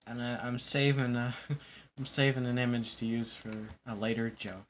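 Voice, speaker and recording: A man's voice: mid-range voice, level tone, moderate pace. A young man hosting a casual chat stream, rambling and joking, often breaking into laughter. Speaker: stream host.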